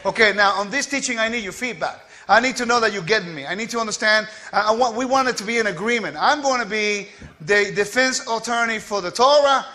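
A man giving a quick, scattered and playful teaching to a congregation, joking with the listeners as he goes. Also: high-pitched, sharp tone. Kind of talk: lively spoken teaching.

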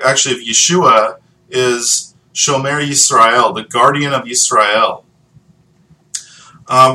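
A man teaching from the Bible, reading passages aloud and then explaining them in a loose, halting way with frequent ums. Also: medium pitch, sharp tone, distant mic, poor audio. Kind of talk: scripture teaching with read passages.

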